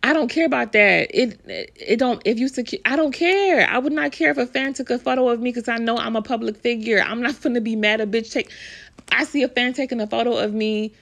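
Gravelly-voiced woman ranting about gossip. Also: fairly high pitch, brisk, a bit bright. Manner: blunt, profane, emphatic ranting. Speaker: vlogger commenting on celebrity news. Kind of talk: casual celebrity gossip commentary.

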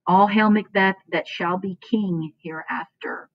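A woman reading a hushed, ominous witch. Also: mid-range voice, fairly even intonation, measured pace. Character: second witch, eerie female prophet. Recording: dull dry lo-fi recording.

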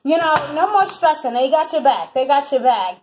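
A woman's voice: high-pitched, expressive, moderate pace, darkish tone, a little hiss or hum, poor audio. A woman giving a tarot reading in an exuberant, emphatic way, repeating phrases for emphasis. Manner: exuberant, emphatic, breaks into laughs and whoops. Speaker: tarot reader.

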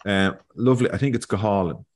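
Man, very low voice, rambling casual lesson host on a video call. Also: fast. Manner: rambling, thinking aloud, repeating words. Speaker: Irish learning video host.

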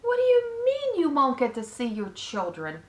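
A woman's voice: big pitch swings, unhurried, a bit bright, exaggerated voice. A woman voicing a young, eager, innocent male pig in a storybook reading. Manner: eager, questioning, raises pitch. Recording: echoey room.

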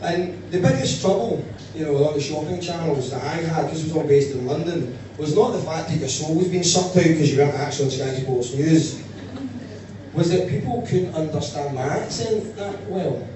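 A man from Glasgow with a Glaswegian accent, doing a stand-up comedy set with animated storytelling and sudden loud bursts. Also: fairly high pitch, normal speed. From Scotland. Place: live venue with audience. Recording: echoey distant room mic with noise.

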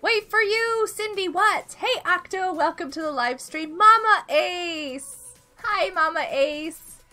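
A woman streamer chats her way through a game, giggling often and calling out viewers by name. Her voice sits high and bright. Faint music plays under her. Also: a little slow. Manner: chatty, giggly, greets chat by name. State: unwell. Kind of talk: live game stream chat.

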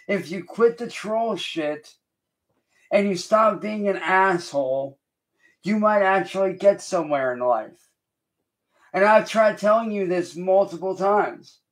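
Male livestreamer, fairly high voice, slow defiant lecture. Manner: slow, deliberate, repetitive lecturing; confrontational, defiant. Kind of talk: livestream rant addressed to a critic.

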